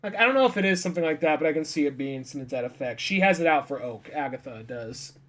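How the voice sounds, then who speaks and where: A man's voice: a little high, lively intonation, fast talker, a bit bright. A young man co-hosting a podcast, casually retelling comic scenes and quoting the dialogue. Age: young adult. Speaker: podcast co-host. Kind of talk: casual chat.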